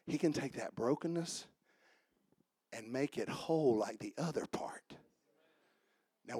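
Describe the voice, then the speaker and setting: A man preaching a sermon at a church service, calling out to the congregation and swinging between loud shouts and hushed asides. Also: medium pitch, husky, no room sound, studio quality.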